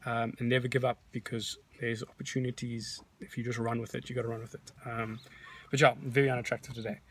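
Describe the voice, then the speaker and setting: A man's voice: mid-range voice, fast, slight background noise. A man, a real estate agent, casually tells a story in a vlog, rambling and restarting as he talks. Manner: animated, rambling retelling with many restarts.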